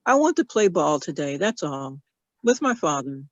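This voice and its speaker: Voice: medium pitch, very animated, no room sound, close to an everyday voice. A reader doing a shy, pleading young boy. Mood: sheepish. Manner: hesitant, pleading, slow. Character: shy boy embarrassed about a wish. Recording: dull dry video-call audio.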